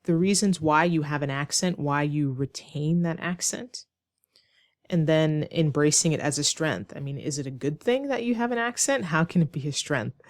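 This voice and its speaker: A woman teaching an online English lesson, explaining slowly and clearly with rhetorical questions to her students. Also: sits low, a little mellow, dry recording. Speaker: ESL teacher.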